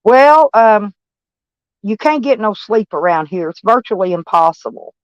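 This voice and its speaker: Speaking at a measured pace in an animated, medium-pitched voice, an older van-life vlogger rambles to camera about her day. Her talk is blunt and profane, captured in a dull, dry recording with no echo.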